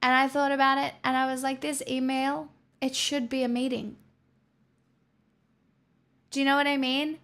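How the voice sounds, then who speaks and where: A woman's voice: high-pitched, level tone, normal speed, long pauses, fairly bright tone. A woman livestreamer chatting casually with her viewers, using sarcastic, mock-corporate girlboss patter.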